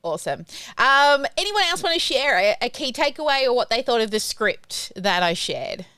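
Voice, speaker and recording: A woman's voice: a little high, sing-song, normal speed, pushed and bright, clear, resonant tone, dry recording. A woman coaching a group on a live video call, encouraging and direct, chatting with plenty of fillers. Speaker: online business coach.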